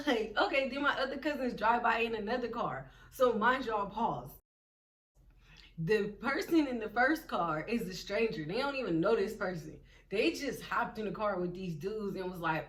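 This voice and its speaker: Young woman spilling a vacation story, lively and slangy, kinda high, mic sits a bit far. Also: a little slow. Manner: animated, slangy storytelling with acted-out quotes. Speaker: vlogger. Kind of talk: storytime vlog.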